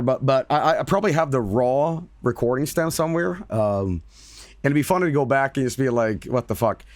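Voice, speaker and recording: A man's voice: medium pitch, dry recording. Emphatic man on a livestream. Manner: emphatic, repeats himself, swears casually. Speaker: streamer and voice actor. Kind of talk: casual livestream chat.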